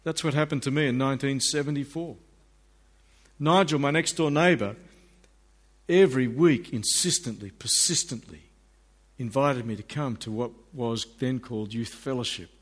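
A man's voice: mid-range voice, moderate pace. A middle-aged man, preaching a sermon and acting out the people in his stories. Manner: animated, acts out voices of people in the stories.

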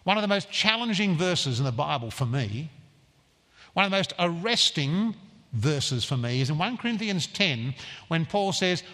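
A man preaching in a church, his bright, ringing voice rising and falling widely as he presses each point home. He speaks slowly and deliberately, and his words carry a long echo through the hall. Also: fairly high pitch, very animated. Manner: earnest, emphatic preaching with slow stressed phrases. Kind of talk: sermon.

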